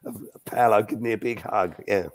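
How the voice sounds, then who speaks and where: A man's voice: lowish voice, brisk. An older man, a former youth coach, telling anecdotes as a guest in a live Q&A, restarting sentences as he goes. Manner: chatty, restarts sentences, acts out quotes.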